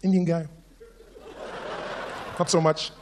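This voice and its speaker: A male comedian doing stand-up, with a voice that sits high for a man. He talks in a lively, animated way and keeps breaking into character voices. A faint hiss runs underneath. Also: slow pace. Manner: animated, switching between voices.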